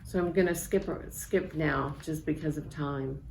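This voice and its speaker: Woman, sixties, author reading a memoir, low gravelly voice, echoey room, faint background hiss. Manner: measured, reflective storytelling. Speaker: author reading from her book.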